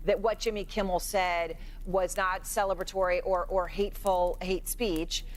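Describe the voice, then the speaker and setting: A woman anchors a televised news interview. She questions her guest in a measured voice and stops to clarify her points. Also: on the low side, fairly even intonation.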